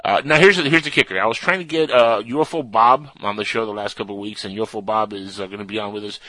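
A man's voice: on the low side, fast talker, pushed and bright, no echo, rough recording. A man hosting a radio show, chatting in a playful, goofy and rambling way. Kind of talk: casual radio banter.

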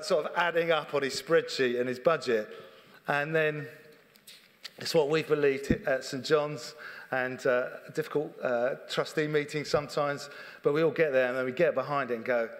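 Earnest middle-aged preacher, echoing hall. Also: male voice, on the high side, normal speed, fairly bright tone. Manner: earnest, conversational preaching with repeated phrases. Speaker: church leader. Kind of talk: sermon. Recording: long reverb of a church hall.

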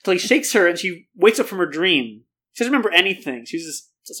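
Quick, animated male podcast co-host who recaps a plot and performs its lines. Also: high voice, husky. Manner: animated storytelling, acts out characters' lines. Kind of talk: casual chat, retelling a book plot.

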